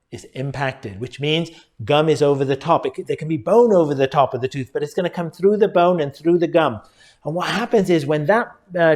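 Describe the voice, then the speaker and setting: A middle-aged male dentist giving an earnest educational talk, speaking directly to viewers and calling them folks. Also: on the high side.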